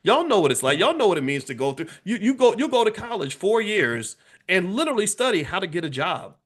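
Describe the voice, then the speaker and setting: A man hosting his own channel, giving motivational economic commentary in an emphatic, repetitive way, often checking in with "right?" and jumping up in pitch to stress a point. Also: fairly quick. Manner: animated, swinging up in pitch for emphasis.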